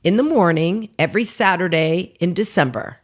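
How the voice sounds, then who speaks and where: Animated woman telling comic work stories. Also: fairly low pitch, moderate pace. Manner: animated storyteller, laughs mid-sentence, acts out quoted people; frequent "like" fillers. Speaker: comedian guest. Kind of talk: casual podcast storytelling.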